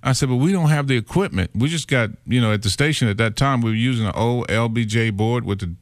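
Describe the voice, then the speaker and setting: A man's voice: mid-range voice, fast talker, no room sound, studio quality. A middle-aged man who works as a radio imaging voice artist, telling stories in a casual interview and acting out the voices he quotes. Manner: animated storyteller who acts out quoted voices.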